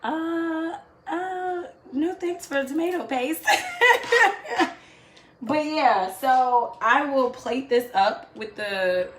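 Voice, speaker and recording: This home cooking show host speaks slowly in a high voice, sharing chatty stories, laughs, and asides with viewers as she cooks. The recording has an echoey room sound and faint background noise.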